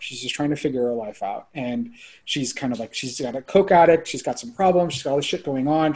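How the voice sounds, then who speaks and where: Excitable rambling man, slightly high voice. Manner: excitable, rambling, peppered with "like" and swearing. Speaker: filmmaker guest. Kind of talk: casual podcast conversation.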